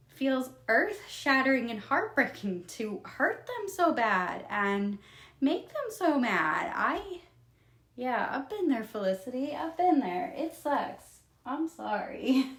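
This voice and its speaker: A young woman creator recapping children's books in a casual, expressive storytelling style, emotional and quick to laugh. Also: fairly high pitch, roomy sound. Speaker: video creator retelling books.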